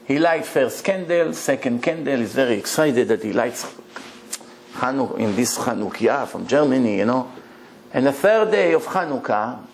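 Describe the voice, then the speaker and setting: A man, a rabbi, giving an animated, emphatic storytelling sermon. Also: mid-range voice, vocal fry, slight background noise.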